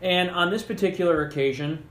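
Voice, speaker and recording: A man's voice: high-pitched, brisk, fairly bright tone. A young man co-hosting a podcast, rambling through a story with lots of fillers in casual chat. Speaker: podcast co-host. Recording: roomy echo.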